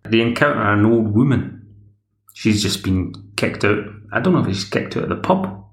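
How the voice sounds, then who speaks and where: Gravelly Scottish man chatting. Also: on the low side, normal speed, echoey room. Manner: chatty, rambling, plays the characters' lines himself. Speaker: podcast host. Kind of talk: casual episode recap.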